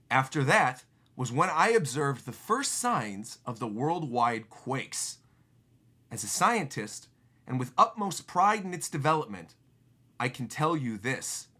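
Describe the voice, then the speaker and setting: Picture a solemn elderly genius confessing his guilt, each word slow and deliberate. A man voices him in a bright voice that still rises and falls. He sounds remorseful but dignified. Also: medium pitch, exaggerated voice. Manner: slow, solemn reading of dialogue. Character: elderly male genius scientist, grave and remorseful.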